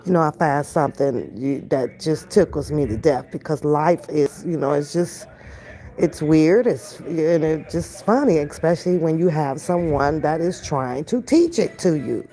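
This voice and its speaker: Slow-talking older woman, dark voice. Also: deep voice, animated. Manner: blunt and profane, drawn-out emphatic phrasing. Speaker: reaction channel host. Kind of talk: casual commentary to viewers. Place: home kitchen.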